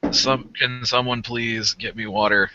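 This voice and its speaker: A man's voice: mid-range voice, flat delivery, a little slow, pushed and bright, slight background noise. A man joking around as a player in a tabletop game. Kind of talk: tabletop role-play banter. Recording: dull lo-fi sound.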